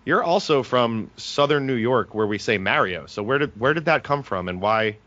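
A man's voice: mid-range voice, animated, normal speed, a bit bright, highs cut off. A man hosting a podcast, an attorney, talking in a casual, joking and talkative way.

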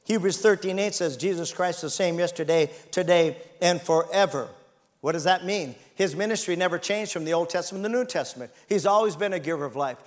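A man in his sixties preaching a sermon, reading scripture dramatically and calling the congregation to respond. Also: fairly high pitch. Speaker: pastor.

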